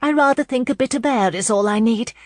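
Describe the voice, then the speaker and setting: A woman's voice: a little high, fairly quick, a little mellow, no echo, voice pushed up, lightly acted. A woman voicing a nervous young noblewoman who hesitates and stammers in a storybook reading.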